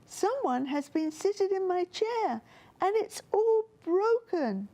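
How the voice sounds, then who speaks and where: A woman voicing a small, tearful boy bear in a children's storybook reading, with a squeaky, whiny voice. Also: sing-song, takes it slowly, warm tone, full character voice. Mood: upset.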